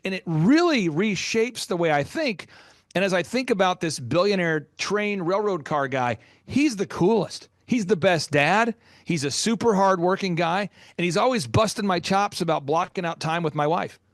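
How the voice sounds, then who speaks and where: A middle-aged man, a business coach guest, telling stories with passion and sometimes getting loud. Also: sits high, no room sound, studio quality. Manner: passionate, loud at times, rapid storytelling. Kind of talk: energetic storytelling interview.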